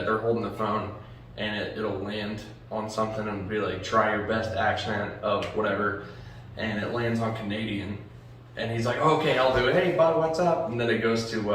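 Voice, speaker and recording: A man's voice: lowish voice, a bit bright. A man co-hosting a podcast in casual chat, rambling through funny stories he has seen and swearing casually. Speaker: podcast co-host. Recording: echoey room, distant mic, faint noise.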